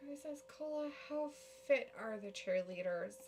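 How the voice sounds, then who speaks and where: A woman's voice: on the high side, lively intonation, moderate pace, darkish tone, slight background noise. A woman co-hosting a casual live watch-along of a wrestling show, reacting, laughing and reading chat comments aloud.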